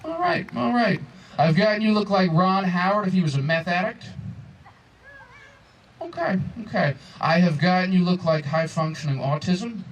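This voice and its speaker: A man in his twenties doing a live stand-up set, his voice sitting on the high side. He bounces between exasperated asides and quick crowd banter. The sound is picked up from a little distance, like a live room recording. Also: fairly bright tone. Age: 20s. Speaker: stand-up comedian. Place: comedy club stage before a crowd. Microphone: handheld stage microphone.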